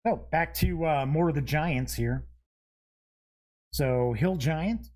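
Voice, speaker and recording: A man's voice: fairly high pitch, slow pace, a little mellow. A man hosting a show, giving casual unboxing commentary. He reads item names aloud one after another with short asides and chuckles at himself. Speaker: show host.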